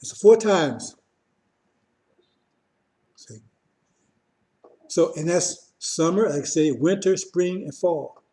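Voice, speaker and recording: Guy preaching loose and casual, kinda higher voice but mellow, says "see?" a lot, repeats himself. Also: animated, slow, pauses often. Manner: repetitive, keeps asking "see?", restarts often. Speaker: religious teacher. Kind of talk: informal sermon.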